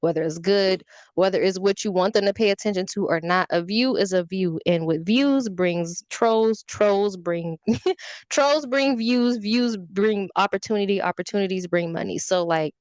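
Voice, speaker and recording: A woman's voice: mid-range voice, normal speed, no echo. Young woman, podcast guest, sassy storyteller, dry close mic. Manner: petty, candid, animated storytelling with swearing. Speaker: podcast guest, social media influencer. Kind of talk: casual podcast chat.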